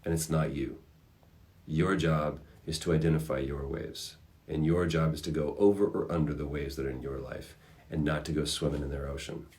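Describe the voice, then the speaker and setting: A man hosting a casual livestream, answering fan questions with reflective advice and animated storytelling. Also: a bass voice, normal speed. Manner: animated storyteller acting out characters.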